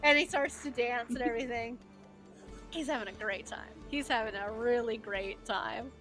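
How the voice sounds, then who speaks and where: A woman's voice: fairly high pitch, normal speed, fairly bright tone, faint music behind. A woman narrating as game master, chatty and loose, full of "like" and "uh".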